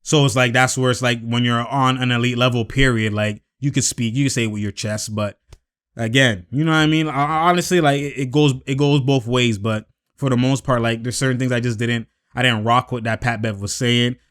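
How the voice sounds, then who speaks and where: A young man talks straight to his audience in a loose, slang-heavy way, circling back and piling on fillers as he riffs on basketball. His delivery is animated, and he pushes his voice up when he gets fired up. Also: mid-range voice, brisk, clear, resonant tone. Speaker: basketball commentary host. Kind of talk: casual solo commentary.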